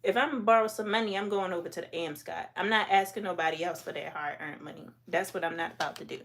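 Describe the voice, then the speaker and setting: A hoarse woman, talking bluntly and at length while hosting a casual livestream and answering her chat. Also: lowish voice, fast talker, a bit bright, slight background noise. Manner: talkative, blunt, talks back to chat. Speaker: livestream host.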